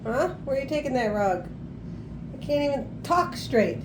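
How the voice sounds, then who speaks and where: A woman's voice: sits high, expressive, moderate pace, background noise. A woman at home filming her parrot on a handheld camera, talking to it in a playful, teasing, sing-song way. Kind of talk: casual talk to a pet. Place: home, indoors.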